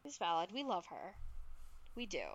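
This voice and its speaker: A young woman from Massachusetts with a light Massachusetts accent, co-hosting a podcast in casual chat, animated and quick to laugh and swear. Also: mid-range voice, highs cut off. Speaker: podcast co-host.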